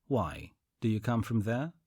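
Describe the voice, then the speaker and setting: A man voicing a young small-town man who talks bluntly and sounds puzzled, in a deep, husky voice. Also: sing-song, measured pace, a little mellow, dry recording, studio quality, heavily acted.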